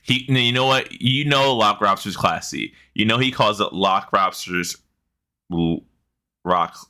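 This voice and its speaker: A man co-hosting a casual gaming podcast, excitable and quick to swear. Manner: excitable, swearing, jumps to loud high laughs. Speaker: podcast co-host. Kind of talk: casual chat.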